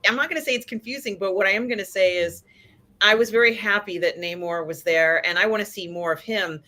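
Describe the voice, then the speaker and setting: An enthusiastic woman film critic on a discussion panel, chatty and quick to laugh. Her voice is bright and forward at a middle pitch.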